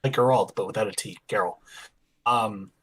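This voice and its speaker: A man's voice: fairly low pitch, normal speed, fairly bright tone. A man playing a tabletop game, eager and explaining things in detail. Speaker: player. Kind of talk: tabletop role-play chat.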